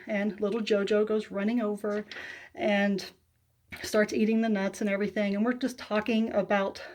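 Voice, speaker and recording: A woman telling viewers a personal faith testimony, soft-spoken and emotional, pausing often with hesitant fillers. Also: medium pitch. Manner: emotional, close to tears. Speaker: faith vlogger.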